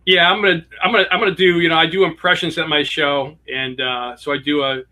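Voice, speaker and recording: A man's voice: fairly high pitch, steady tone, fast, bright, forceful tone. A man, a musician and comedian, chatting loosely as a guest on a podcast. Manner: rambling, loose and friendly. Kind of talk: casual interview chat.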